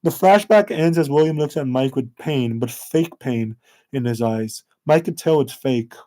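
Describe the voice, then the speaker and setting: A man narrating a fan-made story in a plain, slightly halting reading voice. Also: medium pitch, dark tone.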